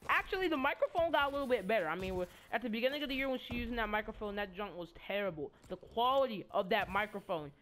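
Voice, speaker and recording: A woman's voice: fairly high pitch, lively intonation, very fast, hardly any pauses, fairly bright tone, a little hiss or hum. A teenage girl telling a rambling, stammering story full of profanity, casually, while playing a game. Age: teens. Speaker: student vlogger.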